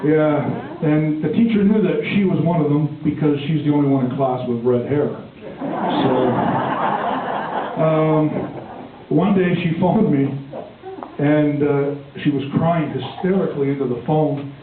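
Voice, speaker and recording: A man's voice: on the high side, unhurried, roomy sound, far from the mic, narrow, tinny audio. An older man doing first-time storytelling stand-up, rambling fondly with chuckles and many "um, anyway" fillers. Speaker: amateur stand-up comedian.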